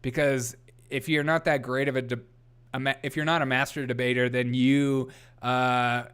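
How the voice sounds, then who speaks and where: A man's voice: medium pitch, level tone, normal speed, fairly bright tone, clean tone. A young man hosting a casual political livestream, reading headlines aloud, greeting chat viewers and often laughing.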